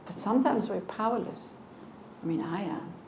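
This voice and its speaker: A woman's voice: mid-range voice, animated, moderate pace, gravelly, darkish tone. A woman in her sixties, a Buddhist teacher, giving a conversational dharma talk and answering questions with earnest rhetorical asides. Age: 60s. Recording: echoey room, faint noise.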